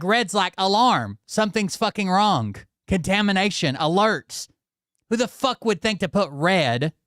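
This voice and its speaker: A man hosts his channel with a casual, profanity-laced rant aimed straight at his viewers, sounding exasperated throughout. His voice sits a little high for a man and comes across smooth and resonant. The sound is close and dry, with no room echo. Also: a bit bright. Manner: exasperated, swears often, addresses viewers directly. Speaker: channel host.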